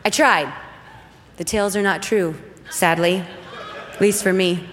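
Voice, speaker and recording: A woman in her thirties giving a faith testimony talk, telling a story in a lively, humorous way. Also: on the low side, a little slow, slight background noise. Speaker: speaker. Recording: long hall reverb.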